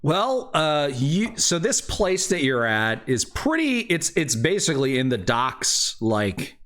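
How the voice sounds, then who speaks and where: Slow, hesitant male game master. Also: a little high. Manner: relaxed, hesitant, with many fillers. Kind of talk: narrating a tabletop game.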